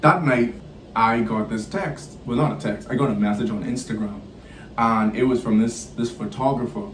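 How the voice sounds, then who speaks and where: A young man telling a story in a casual, animated way, laughing and swinging his pitch up and down. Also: moderate pace, slight background noise. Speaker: vlogger. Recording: roomy, from a distance off the mic.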